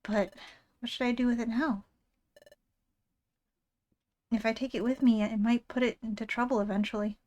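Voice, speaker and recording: A woman voicing a lonely, grieving psychic creature from a game who is gentle and protective, reading its lines in an earnest, soft-spoken way. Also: a little high, steady tone, normal speed, long pauses, close to an everyday voice. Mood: tender, worried. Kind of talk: reading game dialogue aloud.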